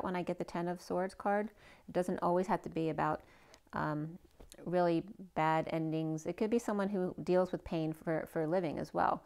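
Low-voiced woman giving a tarot reading. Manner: thinks aloud, muses and questions the cards as she goes. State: a bit hoarse, losing her voice. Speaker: tarot card reader. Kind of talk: casual spoken tarot reading to viewers.

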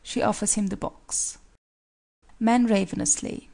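A woman reads the stage directions of a play aloud, calm and measured. Her voice carries a gravelly, creaky texture, and her pitch sits mid-range. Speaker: narrator. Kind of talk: audiobook stage-direction reading.

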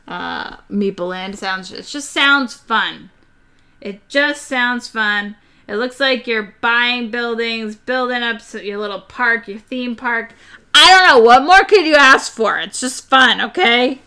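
A young woman chatting casually and excitably about board games on her live stream, rambling with fillers. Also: mid-range voice, smooth.

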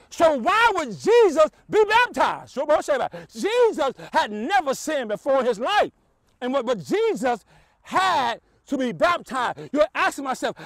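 A man's voice: extremely high pitch, dry recording. A male pastor preaching a sermon with rhythmic repetition and call-outs to his listeners. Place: church streamed online.

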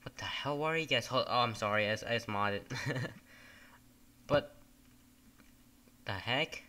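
A man talks through a game in a loose, casual commentary, drifting from topic to topic. His voice is bright and forward, and he swears freely and gets irritated quickly. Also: mid-range voice. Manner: rambling, swears often, easily annoyed. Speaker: gamer.

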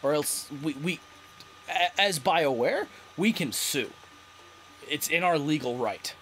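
A man giving casual, playful gameplay commentary, reading game text aloud and getting excitable. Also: a little high, takes it slowly, a little hiss or hum. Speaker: let's play host.

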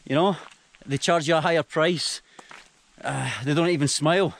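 A man's voice: on the high side, fairly even intonation, normal speed, gravelly. A young Scottish man talking casually to his camera while walking along rail tracks, chatty and jokey. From Scotland. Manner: chatty, jokey, self-mocking. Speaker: travel vlogger. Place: outdoors, countryside by rail tracks. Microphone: handheld action camera.

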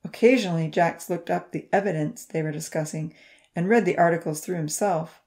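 Calm low-voiced woman narrator. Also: fairly quick. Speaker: audiobook narrator. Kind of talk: scripted narration.

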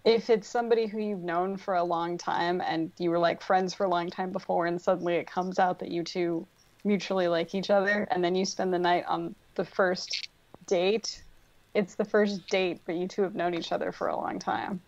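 A woman comedian appearing as a podcast guest, reasoning aloud quickly. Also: on the low side, steady tone, a little mellow, highs cut off.

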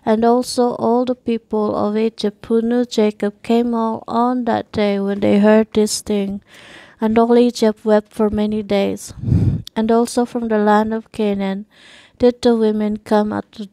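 A woman reading scripture aloud in a steady, measured way, with archaic wording. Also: on the high side, no room sound. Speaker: scripture reader.

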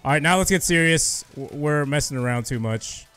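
A young man giving excited live commentary over his own gameplay, shouting and cheering when he gets kills. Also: fairly high pitch, normal speed, smooth, soft background music. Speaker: gaming youtuber.

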